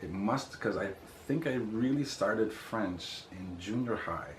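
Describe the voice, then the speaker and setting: A man's voice: fairly low pitch, animated, takes it slowly, slight background noise. A man in his forties being interviewed, thinking aloud as he searches his memory. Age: 40s. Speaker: interview guest. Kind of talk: casual reminiscing interview. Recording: roomy echo.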